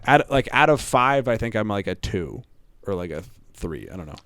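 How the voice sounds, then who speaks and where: A man hosting a casual podcast chat, talking haltingly and repeating words as he searches for them. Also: lowish voice, sing-song, fairly bright tone, clear, resonant tone, no echo, clean studio sound. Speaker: podcast host.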